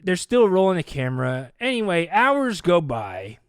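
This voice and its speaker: A man hosting a podcast, telling a comic story with animated delivery and acted-out voices. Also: high-pitched, normal speed, smooth, dry recording, clean studio sound. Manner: animated, acts out quoted voices. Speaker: podcast host. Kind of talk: comedic storytelling.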